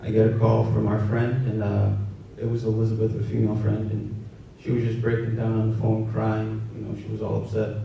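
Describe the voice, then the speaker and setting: A young man telling a personal story in a halting, soft-spoken way, with many fillers. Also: monotone, gravelly. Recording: roomy, distant, dull with faint rumble.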